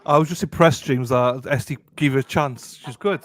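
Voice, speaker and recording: A man's voice: medium pitch, normal speed, fairly bright tone. A man co-hosting a live stream, bantering in a friendly, jokey way with guests and chat.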